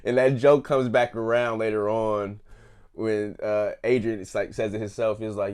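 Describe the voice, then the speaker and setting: A young man chats loosely through a recap, full of slang and quick laughs as he retells each scene. His voice sits a little low, and he talks in a casual, unpolished way. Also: a little mellow. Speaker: host reviewing a TV episode. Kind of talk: casual chat.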